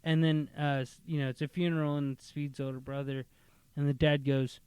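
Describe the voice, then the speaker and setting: A man tells a made-up movie plot in loose podcast chat, breaking into short character voices. His voice sits a little high and sounds smooth and clear. The sound is dry and close, with no room around it. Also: little pitch movement, a little mellow, dry recording. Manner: rambling, acts out characters in quick bursts. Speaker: podcast host pitching movie ideas. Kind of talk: casual chat, storytelling.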